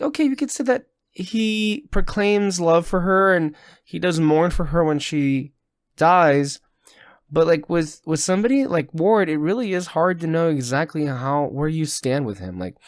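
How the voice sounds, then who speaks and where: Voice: medium pitch, lively intonation, unhurried, dry recording. A podcast co-host reacting to a TV episode in casual talk, circling around ideas with false starts and second thoughts. The voice sits mid-range and is recorded close and dry, with almost no room sound. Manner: thinks aloud with restarts and hedges.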